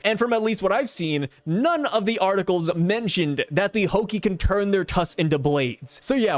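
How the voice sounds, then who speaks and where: A young man hosting a casual video review, chatty and excitable, often stumbling over restarts as he talks. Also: on the high side, no room sound. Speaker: YouTube host reviewing a manga chapter.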